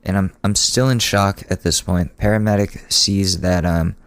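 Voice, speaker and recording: A man with a very low voice tells a personal story on a podcast in a loose, rambling way, full of restarts and dry sarcasm. The recording is dry and close, with no room sound. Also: fairly even intonation, normal speed, dry recording. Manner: sardonic, rambling, many restarts. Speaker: podcast host. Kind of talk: casual comedic storytelling.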